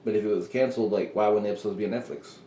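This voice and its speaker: Rambling man with a low voice. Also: fairly even intonation, rapid-fire, mellow, echoey room, a little hiss or hum. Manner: meandering, chuckling often, trailing off. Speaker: podcast host. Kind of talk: casual rambling monologue.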